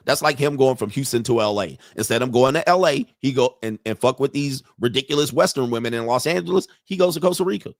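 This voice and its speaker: A man's voice: medium pitch, fast talker, hardly any pauses, dry recording, clean studio sound. A man hosting a podcast from his computer, talking in a casual, rambling, profane way and laughing often. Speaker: podcast host. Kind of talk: casual live-streamed commentary. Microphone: computer mic and webcam.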